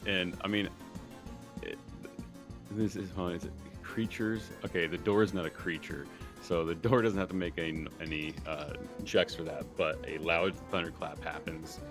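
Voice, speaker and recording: A man's voice: low-pitched, moderate pace, music in the background. A man playing a tabletop game, talking casually in a rambling, self-correcting way. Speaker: player.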